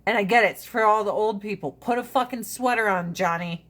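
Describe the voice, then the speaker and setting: A woman's voice: medium pitch, brisk, a bit bright. A woman hosting a casual livestream chat, blunt and profane, rambling from one rant to the next. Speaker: livestream host.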